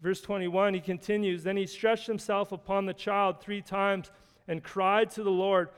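A man preaching in a high, smooth, resonant voice, earnest and conversational, circling back over his phrases as he works through scripture. His words ring out with a long reverb, as in a large hall. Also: level tone, normal speed. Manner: conversational, earnest, with frequent restarts and scripture readings. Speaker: pastor. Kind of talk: sermon.

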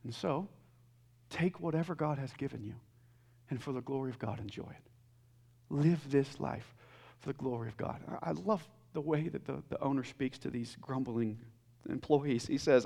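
A young adult man preaching a sermon, earnest and emphatic, swinging between loud peaks and soft quiet stretches, with frequent restarts. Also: mid-range voice, moderate pace, creaky. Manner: repeats and restarts words. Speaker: pastor.

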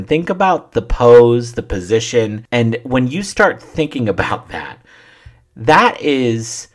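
A man's voice: on the low side, a bit bright. A man hosting his own comedy podcast, telling crude, irreverent stories in a wry, offhand monologue. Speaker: podcast host.

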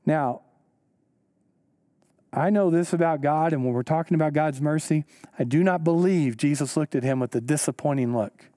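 Earnest preacher man, voice pitched high. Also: warm tone, dry recording, studio quality. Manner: earnest, repeats key lines slowly for emphasis; rises in pitch when stressing a point. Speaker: pastor. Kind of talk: sermon.

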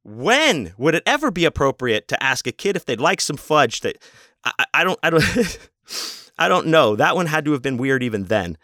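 A man's voice: on the high side, lively intonation, normal speed, sharp tone, dry recording, studio quality. A man casually telling a rambling, amused story with lots of fillers and restarts.

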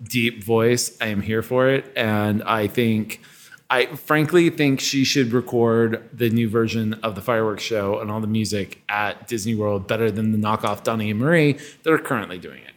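A man's voice: fairly low pitch, normal speed. A man hosting a podcast, chatting casually in a playful, enthusiastic way. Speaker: podcast host. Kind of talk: casual chat.

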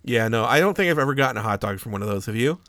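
A man's voice: mid-range voice, expressive, rapid-fire, fairly bright tone, no echo, clean studio sound. A man casually telling a story to a friend, swearing often and laughing as he goes.

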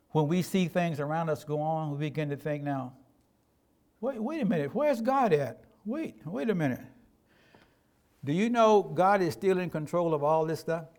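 An older man preaching a sermon as pastor, in a folksy, emphatic and colloquial way. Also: a little high.

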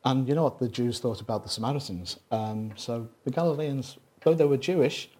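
Joking Scouse preacher with a husky voice. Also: male voice, mid-range voice, brisk, a little mellow. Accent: Liverpool (Scouse). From Liverpool, England. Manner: joking, conversational, lots of asides. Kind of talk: sermon with jokes.

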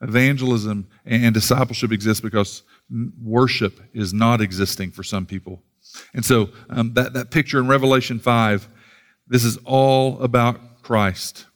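A man's voice: medium pitch, steady tone, normal speed. A man from the United States preaching a sermon, earnest, often repeating words as he starts a thought and reading scripture aloud. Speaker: pastor.

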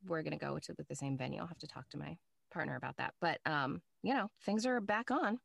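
A chatty woman guest talks about her voice acting work in an easy, storytelling way, laughing often between thoughts. Her voice sits on the lower side for a woman. The recording is dry and close, with no room sound. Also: lively intonation, quick pace, gravelly, fairly bright tone, dry recording. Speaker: guest voice actor. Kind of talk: casual interview chat.

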